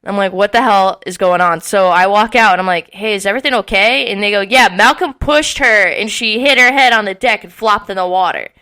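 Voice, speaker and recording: A young woman in her twenties tells a rowdy story on a casual podcast. Her voice is bright and clear, and she acts out what people said with a lot of swearing. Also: medium pitch, fairly quick, few pauses. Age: early 20s. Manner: animated, swearing often, acting out quotes with laughs. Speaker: podcast co-host.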